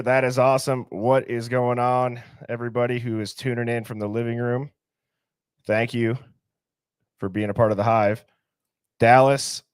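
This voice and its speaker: A man's voice: mid-range voice, clear, resonant tone, no echo, clean studio sound. A man hosting a livestream, greeting viewers by name and reading their comments in a casual, upbeat way. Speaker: livestream host.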